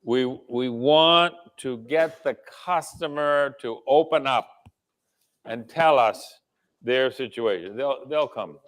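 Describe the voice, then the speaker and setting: A man's voice: medium pitch, slow, a bit bright. A man presenting at a company kickoff, giving a sales training talk to an audience, repeating his words and checking in with "okay?".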